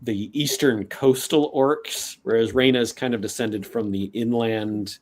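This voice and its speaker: A man narrating a tabletop game as game master, unhurried and rambling with many fillers. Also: medium pitch, fairly even intonation, darkish tone.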